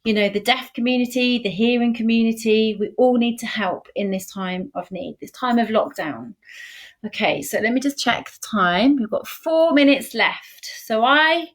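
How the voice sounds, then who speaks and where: Speaking in a fairly high pitch, a woman runs a live stream teaching sign language to beginners. Her tone is encouraging, and she goes over key phrases again slowly and firmly.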